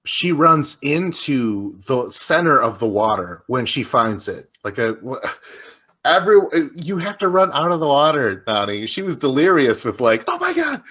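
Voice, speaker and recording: Easygoing man chatting on a podcast. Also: mid-range voice. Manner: relaxed, agreeable, quick backchannels. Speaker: podcast co-host. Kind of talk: casual chat recapping a reality show.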